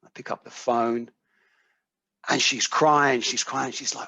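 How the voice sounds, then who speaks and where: A man's voice: medium pitch, fairly even intonation, moderate pace, a bit bright, no echo. A man with a British accent, speaking at a recovery workshop and telling a personal story, acting out the quoted dialogue and swearing now and then. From United Kingdom. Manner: vivid storyteller who acts out quoted dialogue, swears casually. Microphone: video call microphone. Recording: dull, lo-fi call audio.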